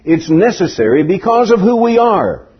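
Older preacher guy, high voice that swings all over, husky, kinda muffled old recording. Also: big pitch swings, normal speed. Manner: folksy storytelling preaching with big pitch swings. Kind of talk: sermon.

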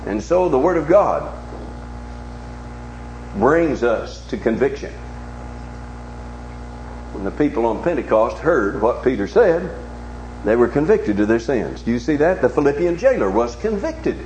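A male preacher giving a sermon, swinging from low hushed tones to loud, emphatic challenges with repeated rhetorical questions. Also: very animated, a little slow, long pauses. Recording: echoey, dull recording with faint hum.

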